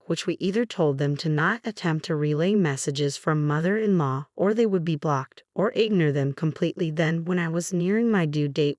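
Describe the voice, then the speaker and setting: A woman narrating a personal story from an online post in a flat, steady read-aloud delivery. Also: sits low, dry recording, clean studio sound. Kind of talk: reading a forum post aloud.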